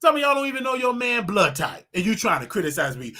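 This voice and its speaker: A man hosting his own livestream show, talking casually in a preachy, animated way with laughing asides. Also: high-pitched, fast talker, few pauses.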